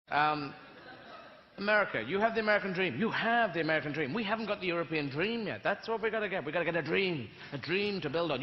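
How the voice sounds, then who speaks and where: A man doing a stand-up comedy routine on stage, rambling and animated, often slipping into silly voices. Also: a little high, roomy sound, long reverb tail, muffled recording, slight background noise. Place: theatre stage before a live audience.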